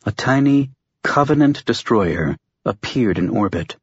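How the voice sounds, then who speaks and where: A man narrating a science fiction audiobook in a steady, measured storytelling voice. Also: mid-range voice, slightly rough, dry recording. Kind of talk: scripted narration. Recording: dull lo-fi audiobook recording.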